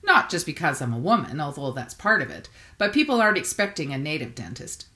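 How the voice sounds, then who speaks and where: A friendly, chatty woman dentist, as a woman reading a novella puts her on, talking steadily to a patient who cannot answer. Her voice sits low, and she keeps up an easy, teasing one-sided conversation in a storybook reading. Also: sing-song, brisk, sharp tone, full character voice. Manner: talkative, teasing.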